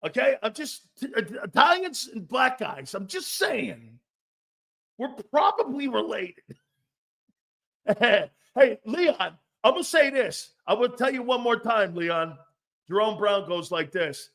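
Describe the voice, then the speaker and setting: Man, middle-aged, sports talk host, brash, profane, laughs a lot, high-pitched, casual. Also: very animated, slow, fairly bright tone. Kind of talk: casual sports talk show, reading live chat.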